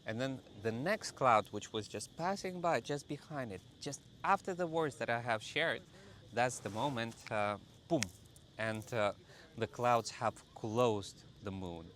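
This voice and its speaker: A man telling a personal story to camera in a halting way, with many filler pauses. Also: mid-range voice, fairly bright tone, a little hiss or hum. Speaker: vlogger.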